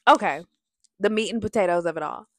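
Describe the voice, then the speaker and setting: In a dry, clean studio recording, a woman with a fairly low voice briskly delivers an opinionated reality TV recap. Animated and sassy, she talks directly to viewers as y'all and slips into sung lines.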